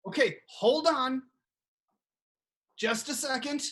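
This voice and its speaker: A woman improv performer doing scenes and one-liners from home over a video call, with an excitable, flustered manner. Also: high-pitched, slow pace.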